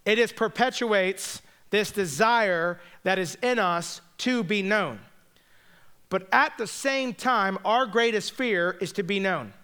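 A man's voice: high-pitched, takes it slowly, bright, forceful tone, clean tone. A man preaching a sermon in a conversational, joking way, speaking straight to the congregation. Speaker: pastor.

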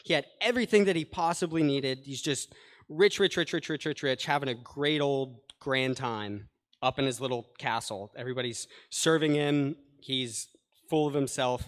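A man preaching a sermon in an earnest, conversational way, explaining scripture with casual asides. His voice sits at a middle pitch, and a long reverb trails behind it as if in a large hall. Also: normal speed. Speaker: pastor.

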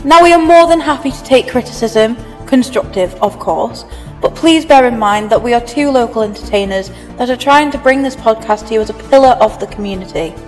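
Woman, mock news reader, fairly high voice, long reverb, faint music. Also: a little fast. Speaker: podcast co-host.

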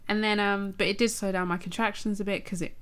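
A woman telling a personal story in a chatty, animated way, laughing often. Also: medium pitch, fast talker. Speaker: podcast guest. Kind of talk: casual storytelling.

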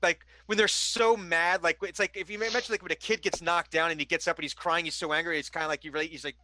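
A man's voice: a little high, steady tone, fast talker, pushed and bright, no room sound. A man narrating a tabletop game as game master, rambling and full of filler words.

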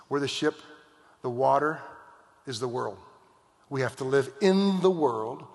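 Joking American pastor preaching in a hall. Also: male voice, mid-range voice, vocal fry. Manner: preaching with jokes and mock outbursts. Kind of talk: sermon. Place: church hall. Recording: long reverb of a hall.

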